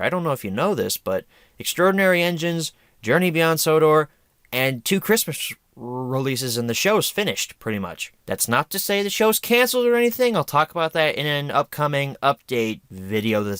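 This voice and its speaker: A man hosts a review vlog in a casual, opinionated, chatty way, poking fun at himself. His pitch moves around a lot, and the recording sounds dry and close. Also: a bit bright, clear, resonant tone, no echo. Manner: chatty, opinionated, self-deprecating. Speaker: host of a home media review show.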